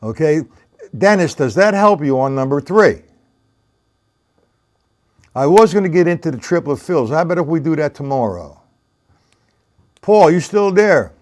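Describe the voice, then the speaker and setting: A man's voice: on the high side, big pitch swings, measured pace, long pauses, a little mellow. A man teaching drums on a live stream, chatting with viewers by name and counting rhythms aloud as he demonstrates. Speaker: drum teacher. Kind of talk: live-streamed lesson, answering chat.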